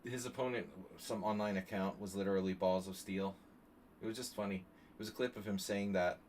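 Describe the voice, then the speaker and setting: A man streaming chess, chatting casually and thinking out loud with joking asides to his viewers. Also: fairly low pitch, steady tone, brisk, slight background noise. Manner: chatty, thinking aloud, jokey asides to chat. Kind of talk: casual live-stream commentary.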